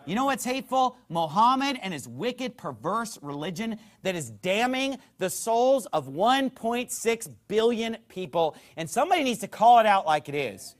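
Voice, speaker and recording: A man with a high voice that swings widely in pitch, preaching a fiery sermon. He hammers home rhetorical questions, rises into shouts and drops low again, and stops now and then to read passages aloud from a book. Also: big pitch swings, moderate pace, few pauses.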